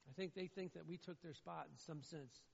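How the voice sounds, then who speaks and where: A man preaching a sermon as pastor, swinging between loud, pleading emphasis and low, somber passages. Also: fairly quick, gravelly, a little hiss or hum. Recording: dull, muffled sound with long hall reverb.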